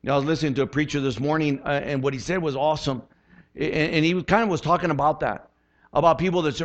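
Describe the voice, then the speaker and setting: Animated conversational male pastor, slightly muffled. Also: a little high, quick pace. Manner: animated, conversational, repeats words when starting. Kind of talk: sermon.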